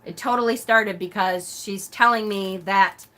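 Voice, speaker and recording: Bright, loud-talking woman host. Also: medium pitch, fairly even intonation, unhurried. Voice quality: loud talker. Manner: gushing, laughs often. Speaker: live-stream host. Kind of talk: casual live-stream chat.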